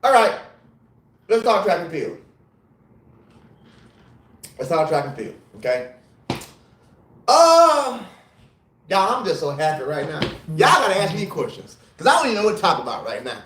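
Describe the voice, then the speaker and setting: Tipsy male livestream host, very high voice, rambling and profane, echoey hotel room. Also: moderate pace, pauses often, a little hiss or hum. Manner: animated, rambling, profane venting. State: tipsy from drinking. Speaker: livestream host and former sprinter. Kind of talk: casual livestream rant.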